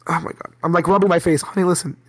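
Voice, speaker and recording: A husky young man spins classroom stories in loose podcast banter. He gets animated, often laughs, and raises his voice to act out his students. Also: on the high side, fast. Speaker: middle school teacher. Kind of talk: casual podcast storytelling.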